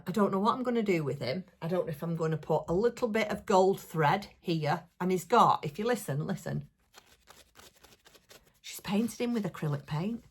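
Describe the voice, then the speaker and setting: A woman chats through her crafting vlog in a low, slightly husky voice. She gushes and rambles with lots of fillers, thrilled by every little thing she shows. Her talk is casual and homely, like catching up with a friend. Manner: gushing, excitable, rambling with many fillers. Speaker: crafting vlogger. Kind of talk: casual chatty show-and-tell.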